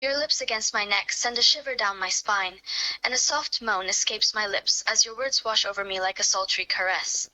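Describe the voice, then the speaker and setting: A woman voicing a smitten young woman in a fan role-play, speaking in a soft, quavering tone. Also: mid-range voice, normal speed, low-quality recording. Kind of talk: fan role-play reading, first person.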